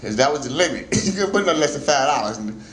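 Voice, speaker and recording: A man in his forties telling stand-up stories at an open mic in a small jazz club, laughing often and breaking into shouts. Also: a little high, expressive, fast, reverberant, a little hiss or hum, low-quality recording. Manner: loose, laughing storytelling with shouted bursts. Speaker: stand-up comedian. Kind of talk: stand-up comedy set.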